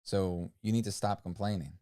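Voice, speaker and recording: A man's voice: deep voice, fairly even intonation, normal speed, warm tone, smooth. Laid-back man in teasing banter. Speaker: livestream co-host. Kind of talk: casual chat.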